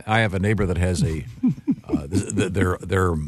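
A man hosting a casual radio show, chatting with halting restarts and easy laughs. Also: deep voice. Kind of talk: casual morning show banter.

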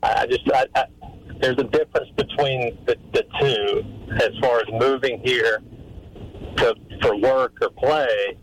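A man's voice: mid-range voice, fairly even intonation, measured pace, a little hiss or hum, poor audio. A man calling in to a radio talk show, making a pointed argument through questions. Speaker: caller.

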